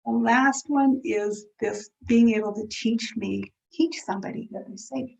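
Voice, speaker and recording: A middle-aged woman speaking earnestly to an audience about caregiving, reflective, with pauses and restarts. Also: a little high, creaky, darkish tone. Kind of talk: heartfelt talk to an audience. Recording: dull lo-fi event recording.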